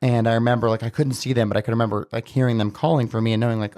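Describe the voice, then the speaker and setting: A man's voice: medium pitch, fairly even intonation, very fast, darkish tone. A man talking as a podcast guest, telling a personal story casually and earnestly, with many filler words. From Southern Utah, USA.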